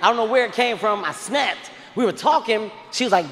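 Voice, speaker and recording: A male stand-up comedian telling a story to a large live crowd, animated and shouting in bursts. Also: high-pitched, fairly quick. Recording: live hall reverb, faint noise.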